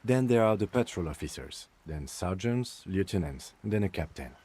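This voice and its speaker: An actor playing a calm, reserved police lieutenant in a video game, speaking with a French accent in a measured, precise way. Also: male voice, low voice, slight background noise. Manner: measured, precise, matter-of-fact. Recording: soft game music behind.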